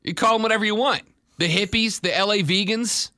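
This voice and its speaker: A man hosting a sports radio show, joking around and rattling off stats quickly at a studio mic. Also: high-pitched, pushed and bright, no room sound. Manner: wisecracking, rattles off stats fast. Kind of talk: casual sports radio talk.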